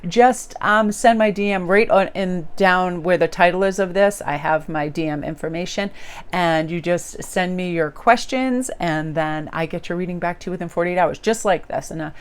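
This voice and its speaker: A woman giving a casual tarot reading to camera, chatty and upbeat, with many "you know"s and big jumps in pitch for emphasis. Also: normal speed, clear, resonant tone. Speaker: tarot reader. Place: indoors near a window.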